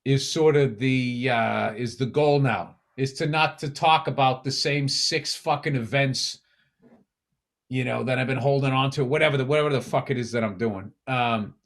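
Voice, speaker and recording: A man's voice: mid-range voice, moderate pace. A man in his fifties co-hosting a podcast in casual chat, blunt and profane, ranting and teasing his co-host.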